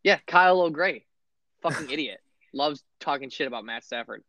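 A man co-hosting a casual fantasy football recap, animated and sarcastic, swearing freely. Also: a little high, brisk, no echo, dull audio. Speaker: podcast co-host.

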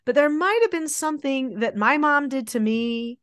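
A woman in her forties, a mother and host, talking in a chatty, animated way and acting out quotes. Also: high-pitched, normal speed, no echo, clean studio sound. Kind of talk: casual conversation.

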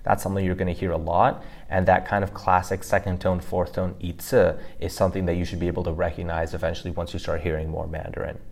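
A man with a very deep voice talks through pronunciation points in a relaxed, conversational teaching style. He is loose and chatty, sprinkling in "like" and "you know" as he explains. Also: fast talker, vocal fry, hardly any pauses. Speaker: language podcast co-host.

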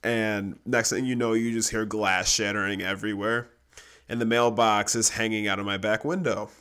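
A young man with a lowish, clear, resonant voice talks at normal speed. In casual chat, he tells a funny personal story. He's animated, laughs often, and acts out the voices of the people he quotes.

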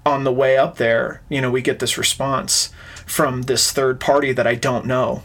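A man's voice: mid-range voice, little pitch movement, normal speed, a bit bright. A man, an interview guest, earnestly recounting a personal story in conversation. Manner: earnest, retells events with quoted dialogue.

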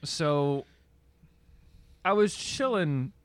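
A young man co-hosting a podcast, telling a rambling story in a laid-back way with deadpan asides. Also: fairly high pitch, drawn-out words, no echo. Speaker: podcast co-host. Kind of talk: casual storytelling.

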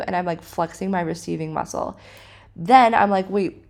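A woman hosting a podcast, telling a personal story casually and excitedly, full of fillers and dramatic retellings. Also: medium pitch, moderate pace. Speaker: podcast host. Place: living in Cape Town, South Africa.

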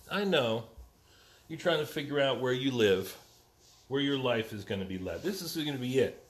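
A man's voice: mid-range voice, expressive, moderate pace, noisy background. A man in a casual vlog, talking to his new puppy in doting, sing-song dog talk and giving short commands. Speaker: vlogger.

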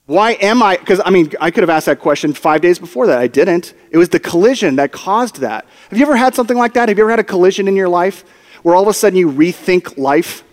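Preaching a storytelling sermon, a man with a bright, high voice spins a tale for his church with comic timing and acted-out lines. He's animated and fast, and a long, reverberant hall sound trails his words.

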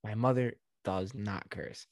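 A young man, a new father, co-hosting a podcast and telling a childhood story in a wry, deadpan way with swearing. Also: on the low side, a little slow, dry recording, studio quality. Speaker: podcast co-host. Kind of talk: casual storytelling.

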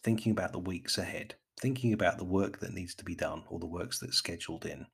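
A man's voice: sits low, a little fast, creaky, husky. A man from the United Kingdom hosting a gardening podcast in a rambling, chatty monologue, often calling his listeners friends.

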